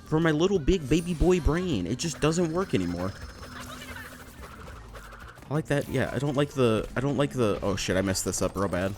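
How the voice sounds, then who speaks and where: Lively, excitable man gaming. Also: mid-range voice, normal speed, pauses often, music in the background. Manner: excitable, swears, laughs often, self-mocking. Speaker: gameplay commentator. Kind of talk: casual let's play commentary. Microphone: desk microphone.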